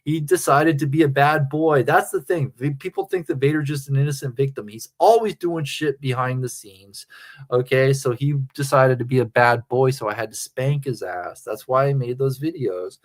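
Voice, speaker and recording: A man hosts a live stream and rambles casually to his chat. He giggles often and swears freely, mocking his rivals. His voice sits at an ordinary, middling pitch. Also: moderate pace. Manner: giggly, profane, mocking banter. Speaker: livestream host.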